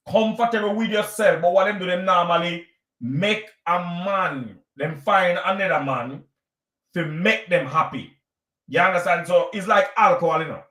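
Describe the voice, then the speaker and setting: A man's voice: high voice, fairly bright tone, echoey room. A man with a Jamaican accent lecturing his live-stream audience in a preachy, repetitive way. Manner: preachy, lecturing, repeats himself. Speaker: vlogger hosting a live stream.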